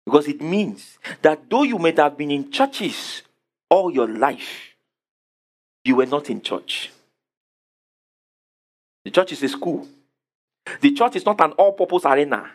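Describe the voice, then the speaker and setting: A man's voice: a little high, sing-song, a little slow, long pauses. A man preaching a sermon, repeating questions to the congregation and answering them emphatically. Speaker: pastor.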